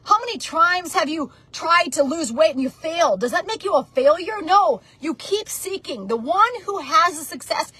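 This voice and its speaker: A woman's voice: extremely high pitch, lively intonation, moderate pace, hardly any pauses, pushed and bright. Fervent preachy woman in her forties. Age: 40s. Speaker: network marketing promoter. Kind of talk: motivational monologue.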